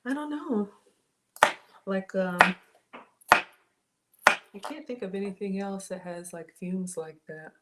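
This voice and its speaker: Speaking slowly and pausing often, a woman with a mid-range voice chats casually with her livestream viewers from her kitchen, greeting them by name. The cooking stream is captured on a cell phone and tablet, and the audio is noisy.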